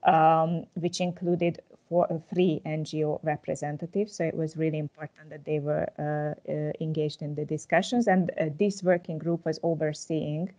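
Very low-voiced woman giving an example. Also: level tone, moderate pace, few pauses, dark tone. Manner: hesitant, many fillers, gives worked examples. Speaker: presenter. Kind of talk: online workshop presentation.

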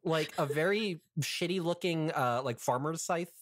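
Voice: medium pitch, a little slow, a bit bright, no echo, studio quality. A game master narrating a live tabletop game, describing scenes casually through laughter.

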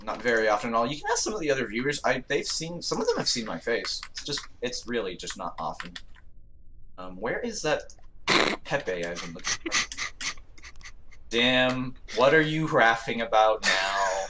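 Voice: medium pitch, huge pitch swings, fairly quick, background noise. A streamer in casual gaming chat, joking and prone to breathless laughing fits.

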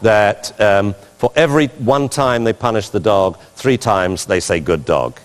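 A male dog trainer giving a lecture, commenting on training videos and acting out commands in a lively way. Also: on the low side, unhurried. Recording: long hall reverb.

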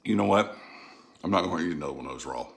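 This cooking vlogger's voice sits low and sounds gravelly, animated, and racing. A middle-aged Gulf South man with a Southern accent, he tastes food in a laid-back home cooking vlog, chatty and folksy, musing aloud between bites.

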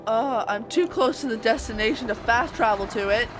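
A woman commentating as she plays a video game, chattering to the enemies and squeaking up high when she panics. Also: moderate pace, music in the background. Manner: excitable, talks to enemies, voice shoots up when panicked. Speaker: gameplay streamer. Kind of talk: let's play commentary.

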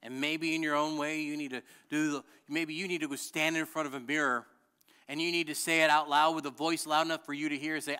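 A man's voice: fairly high pitch, little pitch movement, fast talker, clean tone. Impassioned middle-aged man preaching. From Illinois. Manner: impassioned preaching that builds to shouting. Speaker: pastor. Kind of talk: sermon. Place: church sanctuary.

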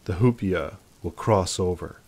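Audiobook figure: superstitious old male orderly, stiff formal English, low voice, read by a man. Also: unhurried, darkish tone. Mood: grave. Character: elderly male Costa Rican hospital orderly, fearful, superstitious.

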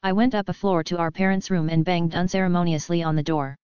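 A woman narrating an audiobook in an even, unhurried reading. Her voice sits low and very smooth, and the recording is dry and a little dull. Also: dry recording. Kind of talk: first-person audiobook narration.

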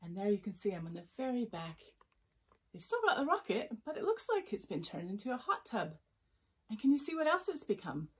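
A woman reading her children's picture book aloud, animated, with chatty asides to young listeners. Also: fairly high pitch, fairly quick, slightly rough.

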